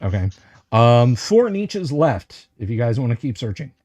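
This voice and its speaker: A man running a tabletop game livestream as game master, slowly describing what the players find, with lots of hesitant fillers and restarts. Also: mid-range voice, very animated, a little mellow. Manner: describes items slowly and carefully.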